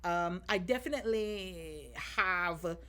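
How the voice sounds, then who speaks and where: A woman from Jamaica with a Jamaican accent, a guest in a casual chat, speaking reflectively and thinking out loud as she goes. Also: fairly low pitch, lively intonation, slow. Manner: reflective, thinks aloud with many fillers and restarts.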